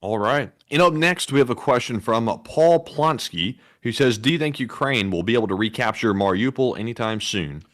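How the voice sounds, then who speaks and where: A man co-hosting a live stream, relaxed as he reads out viewer questions. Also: mid-range voice, normal speed, few pauses. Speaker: co-host reading viewer questions.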